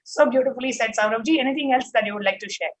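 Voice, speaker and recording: Woman host, kinda husky, higher voice, gushing and effusive. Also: very fast, low-quality recording. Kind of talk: live show hosting.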